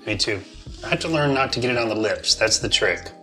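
A man's voice: lowish voice, animated, brisk, music in the background. A man chatting casually and joking with friends while eating spicy wings and reacting to the heat. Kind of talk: casual chat.

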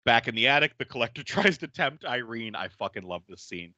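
A man hosting a podcast, casually recapping a horror film with animated storytelling and frequent laughter. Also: mid-range voice, fairly quick, no room sound, lo-fi sound. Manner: animated storyteller, acting out quotes and laughing often. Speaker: podcast host. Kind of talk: casual movie recap chat.

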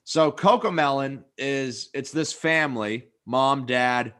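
A man's voice: mid-range voice, takes it slowly, a bit bright. A man co-hosting a podcast, chatting in an easygoing, rambling way with an occasional swear. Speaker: podcast co-host. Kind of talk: casual chat.

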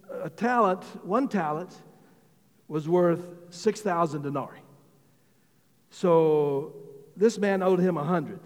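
A man preaching a sermon as pastor, talking conversationally with many restarts and repeated words, and getting louder and higher when he exclaims. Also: in a large hall. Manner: rises in pitch and volume when exclaiming.

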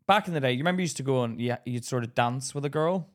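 A man from Ireland co-hosting a podcast, talking in casual chat, animated and profane, acting out the voices of people in his stories. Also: medium pitch, racing. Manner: animated storyteller who swears and acts out quotes. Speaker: podcast co-host.

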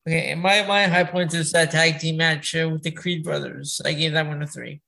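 A man's voice: fairly high pitch, fairly even intonation, a little fast, gravelly, bright, forceful tone. A man co-hosting a casual wrestling chat, speaking in short turns that prompt the others. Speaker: podcast co-host.

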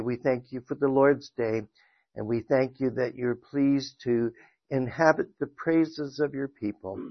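A man's voice: mid-range voice, dry recording, dull audio. A man teaching a Sunday school class, talking conversationally with fillers, then reading scripture aloud and praying. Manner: conversational with frequent fillers and restarts. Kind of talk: church lesson with scripture reading and prayer. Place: church classroom.

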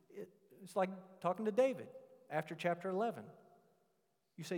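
Pastor preaching in a reverberant hall. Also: male voice, high voice. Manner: animated, emphatic preaching with drawn-out stressed words. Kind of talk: sermon.

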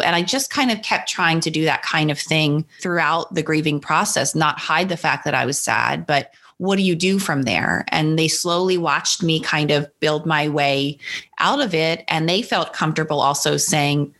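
A woman's voice: low voice, normal speed. A woman from New Jersey, a guest and author, candidly and reflectively telling a personal story in an interview. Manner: reflective, candid, acts out her son's lines brightly.

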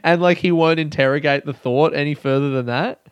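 A young man talks on his own podcast in a fairly high, lively voice. He rambles, swears freely and winds himself into mock fury. The recording is close and dry, with no room around it. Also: a little fast, clean tone, dry recording. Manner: rambling, sweary, mock-angry with bursts of laughter. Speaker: comedian and podcast host. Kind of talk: casual solo podcast monologue.

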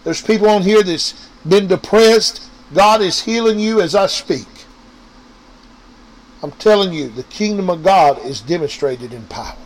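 A man's voice: high-pitched, unhurried, poor audio. A man preaching an informal sermon, repeating his points and talking straight to his listeners. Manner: preachy, repetitive, addresses listeners directly. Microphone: online radio or podcast mic.

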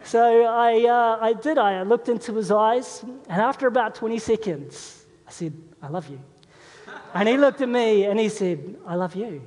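Pastor preaching in a reverberant hall. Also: male voice, very high voice, moderate pace, few pauses, darkish tone. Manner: conversational storytelling, asks the congregation questions. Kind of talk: sermon. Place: church. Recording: long reverb of a large hall.

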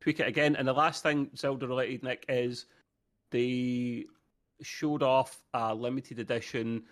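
A man's voice: medium pitch, fairly even intonation, measured pace. A man co-hosting a casual gaming podcast, bantering and joking with stammered restarts. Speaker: podcast co-host.

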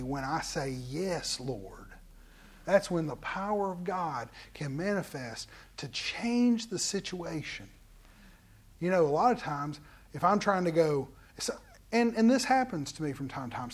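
A pastor preaching a midweek sermon in a conversational way, jumping from loud exclamations to soft, hushed asides. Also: mid-range voice.

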